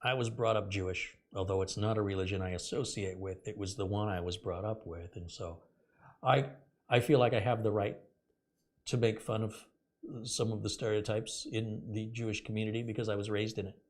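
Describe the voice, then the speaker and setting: A man's voice: fairly low pitch, fairly even intonation, normal speed. A middle-aged man hosting a casual live stream, sarcastic and rambling, reading out viewer donations.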